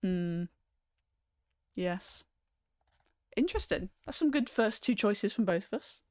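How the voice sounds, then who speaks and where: A woman's voice: medium pitch, expressive, takes it slowly, a little mellow, dry recording. Brief: woman, stream host, chatty and loose, dry close sound. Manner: chatty, reads out viewer comments, frequent ums. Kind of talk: casual chat on a livestream.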